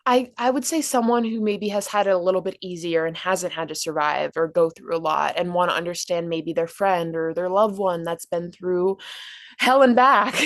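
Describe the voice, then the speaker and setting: A woman's voice: on the low side, fairly even intonation, moderate pace, hardly any pauses, no room sound, studio quality. A woman hosting a podcast interview, effusive and gushing with praise. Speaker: podcast host.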